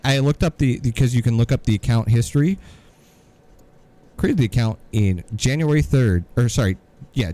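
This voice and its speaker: A man's voice: mid-range voice, dark tone. A man co-hosting a podcast, telling a story in an exasperated, sarcastic rant. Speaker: podcast co-host. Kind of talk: casual ranting podcast chat.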